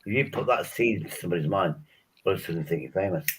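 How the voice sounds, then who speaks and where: A man's voice: low voice, lively intonation, very fast, noisy background. A man in a casual group chat, rambling through jokes and wild hypotheticals with plenty of swearing.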